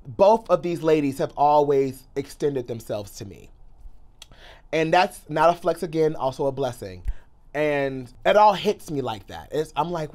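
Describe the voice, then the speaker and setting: A young man telling an excited storytime in a sassy, theatrical way, swinging between loud outbursts and hushed asides. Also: fairly high pitch, unhurried. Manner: sassy, calls the listener girl and honey. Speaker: pop culture commentator and YouTuber.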